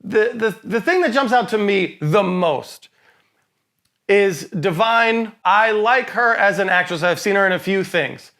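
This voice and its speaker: A man's voice: high-pitched, expressive, unhurried, bright, forceful tone. A man co-hosting a casual movie review show, emphatic and opinionated, laughing often. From lives in Boston. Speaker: podcast co-host.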